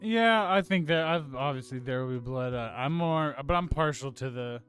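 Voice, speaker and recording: A man's voice: fairly high pitch, normal speed, a bit bright, soft background music. A young man co-hosting a casual film podcast, hedging and filling his talk with "like". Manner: loose, hedging, many "like"s. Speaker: podcast co-host.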